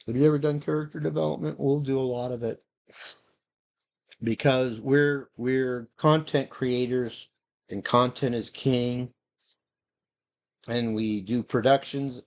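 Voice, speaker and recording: A man vlogging in a loose, rambling monologue, musing aloud and drifting between thoughts. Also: medium pitch. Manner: meandering, playful, breaks into silly dog noises and voices.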